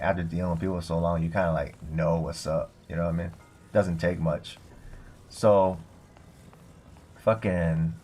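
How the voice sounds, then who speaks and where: A young man streaming a game, telling a long rambling story full of swearing and filler words. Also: deep voice. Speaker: streamer and bartender. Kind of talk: casual storytelling while livestreaming a game.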